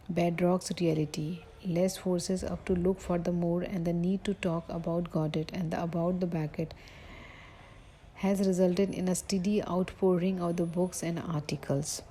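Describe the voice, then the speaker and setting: A woman giving a recorded literature lecture, reading from notes haltingly, with slips and self-corrections. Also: fairly low pitch, warm tone, slight background noise, low-quality recording.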